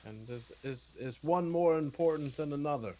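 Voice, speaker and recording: A man playing his character at a tabletop game, wry and measured with many fillers. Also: fairly high pitch, dark tone, slight background noise, poor audio. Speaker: player.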